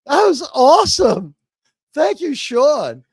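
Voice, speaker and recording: A man in his fifties hosting a casual live stream, excitable and rambling as he greets viewers one by one. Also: very high-pitched, slow pace, no room sound.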